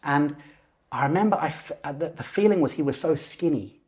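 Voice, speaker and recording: A man in his forties, a lucid dreaming teacher and podcast guest, telling a personal story in an animated way. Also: on the high side, fairly quick. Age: 40s. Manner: animated, acts out voices and gestures while telling.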